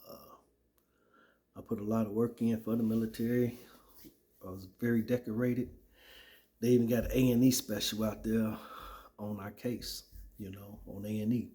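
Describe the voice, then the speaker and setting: A man's voice: fairly low pitch, flat delivery, normal speed, long pauses, mellow. A man telling his personal testimony in a casual, conversational way, often tagging lines with "right?" and "man.". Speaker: former soldier sharing his testimony.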